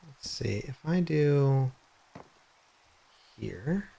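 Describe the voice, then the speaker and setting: A man live-streaming a game, rambling and hesitant, then bursting into excited high-pitched reactions. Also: very slow, gravelly, breathy edge. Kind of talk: live gameplay stream chat.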